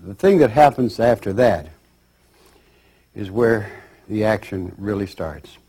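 Male lecturer, warm husky tone, lively pitch, unhurried storytelling. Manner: measured, rambling storytelling. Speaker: speaker. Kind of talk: spiritual lecture.

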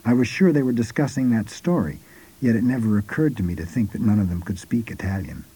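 A man narrates a first-person account in an unhurried, measured manner. His voice sits fairly low, and his very dark, mellow tone carries a husky edge. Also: low-quality recording. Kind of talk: scripted narration.

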